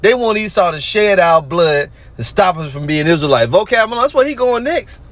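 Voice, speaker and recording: A man's voice: high voice, animated, normal speed, fairly bright tone, no room sound. A man, ranting in a casual monologue and reading scripture aloud between mocking remarks. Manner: rants and mocks, reads verses aloud. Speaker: religious group commentator.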